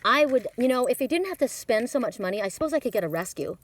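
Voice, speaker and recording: A woman's voice: on the high side, sing-song, fast talker. A woman in her fifties doing a casual oracle card reading outdoors in a windy mountain forest, chatty and rambling with frequent repeats. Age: 50s.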